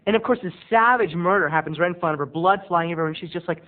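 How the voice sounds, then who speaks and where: A man giving a casual, animated, campy movie review as a video blogger. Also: high-pitched, very fast, hardly any pauses. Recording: tinny lo-fi recording.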